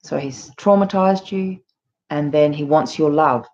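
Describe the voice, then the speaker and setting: A woman's voice: deep voice, a little slow, a little mellow. A woman hosting her channel, earnestly explaining with frequent fillers. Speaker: channel host. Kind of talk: talking to camera about abuse. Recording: muffled lo-fi audio.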